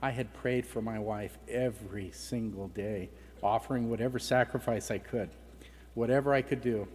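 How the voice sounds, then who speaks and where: A man's voice: mid-range voice, steady tone, normal speed, a little mellow. A middle-aged man giving a personal testimony at a conference, telling a family story in a conversational way. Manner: conversational, acts out family dialogue. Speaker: conference speaker. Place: conference hall. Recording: reverberant hall with faint background noise.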